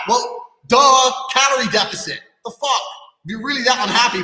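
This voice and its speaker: A man's voice: very high voice, a little fast, bright, forceful tone. A man on a podcast ranting bluntly and profanely, lecturing his listeners. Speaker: podcast guest. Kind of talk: heated podcast rant. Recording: echoey room with long reverb.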